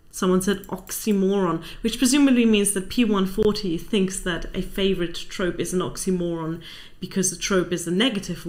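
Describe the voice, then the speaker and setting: Dry-witted woman book vlogger. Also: fairly low pitch. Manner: wry, dry asides. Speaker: book channel host. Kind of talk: casual chat reading out viewer answers.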